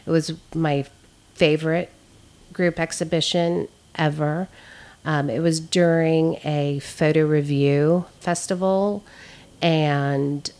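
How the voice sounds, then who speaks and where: Woman guest, podcast interview: low, slow-paced voice, earnest and reflective, quick to laugh. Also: a little mellow. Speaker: photographer guest. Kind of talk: podcast conversation. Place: Savannah art community member.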